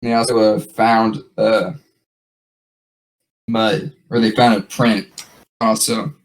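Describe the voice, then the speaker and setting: A man hosts a casual podcast and tells a story. He rambles along with plenty of fillers and restarts. His voice sits a little low. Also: flat delivery, slow, low-quality recording. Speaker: podcast host.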